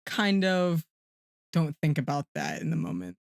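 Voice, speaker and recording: A young man co-hosting a podcast, sharing earnest opinions in a casual, halting way. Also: fairly high pitch, wildly swooping pitch, gravelly, no echo, clean studio sound. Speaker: podcast co-host. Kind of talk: casual chat.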